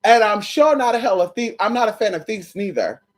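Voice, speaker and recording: A sassy woman vlogger telling a story straight to her viewers. She talks in an animated, casual way and swears freely. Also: medium pitch, a little fast.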